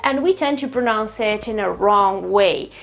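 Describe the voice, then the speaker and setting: A woman from Italy with an Italian accent, a native Italian speaker, hosting an online English lesson in a chatty way and repeating words slowly to model their pronunciation. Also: medium pitch, vocal fry, fairly bright tone. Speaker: English teacher, channel host.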